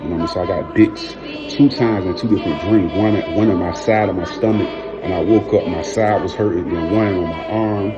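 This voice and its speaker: Man, vlog host, low voice, slangy casual storytelling, music behind. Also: a little fast. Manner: slangy, keeps adding "man" and "you know what I'm saying". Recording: music playing under the voice.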